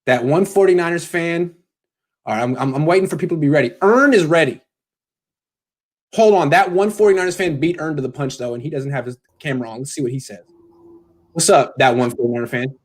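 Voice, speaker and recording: A man's voice: on the high side, brisk. Rambling man hosting a call-in show. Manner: loose, rambling, joking. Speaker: host.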